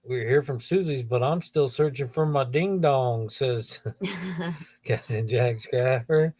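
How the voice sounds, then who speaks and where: A man's voice: medium pitch, takes it slowly, a little mellow, no room sound, studio quality. A middle-aged man from Ohio hosting a casual livestream, reading viewer comments aloud and joking with them by name. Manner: chatty, jokey, greets viewers by name. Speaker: livestream host.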